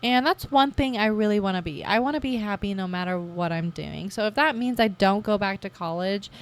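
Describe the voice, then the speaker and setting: A young woman in her twenties, hosting her own podcast, telling her story in a chatty, casual way and acting out her past self with lively jumps in voice. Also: medium pitch. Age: 20s. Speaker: podcast host. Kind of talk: casual personal podcast monologue.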